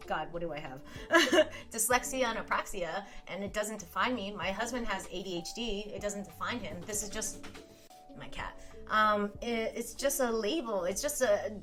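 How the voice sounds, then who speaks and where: A woman's voice: mid-range voice, bright, forceful tone. A woman chatting casually on a live stream, reading out viewer comments, laughing often and swearing now and then.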